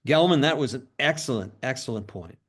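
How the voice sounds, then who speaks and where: Relaxed man co-hosting a podcast. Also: medium pitch, brisk. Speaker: podcast co-host. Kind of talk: casual discussion.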